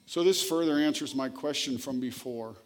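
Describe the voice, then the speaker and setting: A man's voice: mid-range voice, moderate pace. A man preaching a sermon, telling a story and then reading scripture, earnest and emphatic. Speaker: pastor.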